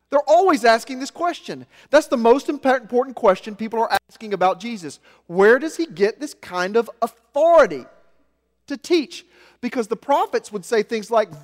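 A man preaching a sermon, with animated delivery that swings between loud emphasis and soft, low asides. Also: moderate pace. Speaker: pastor. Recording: long hall reverb.

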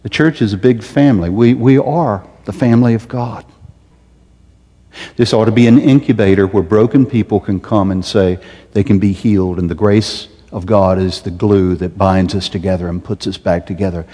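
A man preaching a sermon as a pastor, impassioned, climbing to loud, emphatic peaks and then dropping to a soft, intimate tone. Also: lowish voice, normal speed, in a large hall.

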